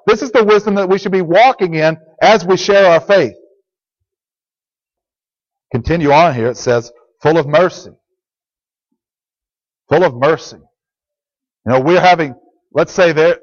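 A man preaching a sermon to a congregation, earnest and plain, repeating key phrases as he teaches. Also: high-pitched. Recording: dull lo-fi recording.

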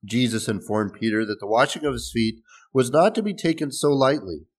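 A man's voice: medium pitch, expressive, brisk. A man preaching a sermon in a conversational way, explaining scripture with restarts and small laughs. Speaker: pastor.

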